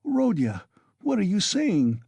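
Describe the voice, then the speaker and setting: A man voicing a timid, anxious middle-aged mother who pleads tearfully, pitched well above his own voice. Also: huge pitch swings, slow pace, gravelly, a little mellow, slightly rough, dry recording, full character voice.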